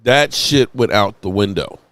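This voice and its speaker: A man hosting a sports channel, reacting live on a stream, tipsy from rum and rambling in an excited, emotional way with plenty of swearing. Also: on the low side, measured pace, dry recording.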